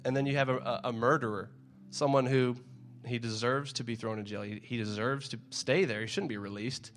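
A man's voice: mid-range voice, steady tone, a little fast, faint music behind. A man preaching in a casual, conversational way, reading scripture aloud and often repeating his words as he goes. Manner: conversational, repeats words, acts out crowd shouts.

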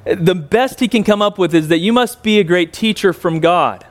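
A man's voice: sits high, moderate pace. A male preacher giving a conversational sermon in a church, folksy and joking, with lots of ums and uhs.

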